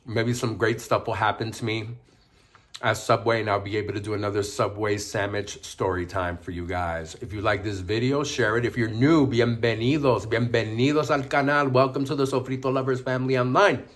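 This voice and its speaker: A man's voice: on the low side, steady tone, normal speed. A man vlogging casually while eating a sandwich, chewing as he talks and mixing Spanish phrases into his English. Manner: eats and chews while talking. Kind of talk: casual mukbang vlog.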